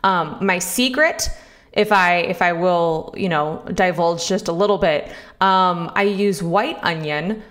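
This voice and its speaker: A woman's voice: on the low side, slow, a bit bright. A woman co-hosting a sports talk show, chatty and enthusiastic, with plenty of fillers and teasing. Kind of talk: casual chat.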